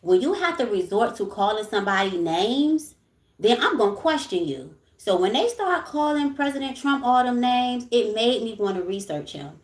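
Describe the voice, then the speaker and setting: A woman's voice: on the high side, very animated, moderate pace. A young adult woman, chatting frankly on a livestream, swearing freely and often asking "you know what I'm saying". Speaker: livestream host. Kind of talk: casual livestream chat. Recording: echoey room.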